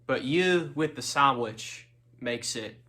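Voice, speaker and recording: A man's voice: mid-range voice, expressive, slow pace, bright, forceful tone. A man doing a stammering would-be Scottish engineer. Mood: rambling, wistful. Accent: attempted Scottish. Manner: stammering, rambling voice message. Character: young male Scottish engineer, nervous, rambling, lovesick. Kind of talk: acting-class impression.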